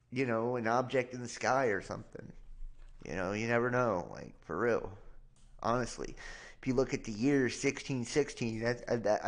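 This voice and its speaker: Man reading news and reacting. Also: medium pitch. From Cincinnati area, US. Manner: reads headlines then comments with disbelief, swears, sighs. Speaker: podcast host. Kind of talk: reading news aloud and reacting, casual live stream.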